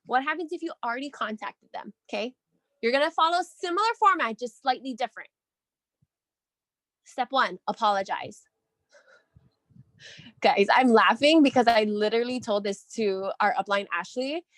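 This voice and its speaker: A woman leading a team call, coaching her sales team in an energetic, chatty way, often checking in with "right?". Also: a little high, dry recording.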